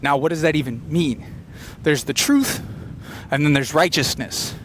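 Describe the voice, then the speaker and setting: A man doing an unfiltered stream-of-consciousness comedy monologue, rambling and fast-talking with quick tangents. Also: a little high, a little hiss or hum. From Filipino heritage. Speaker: comedian podcaster. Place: beach location outdoors.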